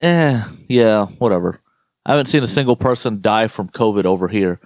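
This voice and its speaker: This young podcast co-host from the United States rants in a casual chat, swearing heavily and telling stories with animation. His voice is lowish and his pace moderate. No echo is heard.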